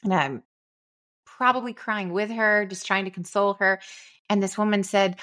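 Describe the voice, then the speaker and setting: A woman's voice: mid-range voice, steady tone, moderate pace, fairly bright tone. A middle-aged woman, a company co-founder, telling a personal story in an interview and acting out the quoted dialogue.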